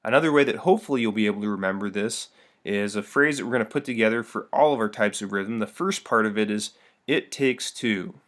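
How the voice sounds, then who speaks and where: Friendly man teaching a video lesson. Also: lowish voice. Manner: slow, deliberate stressed reading of verse.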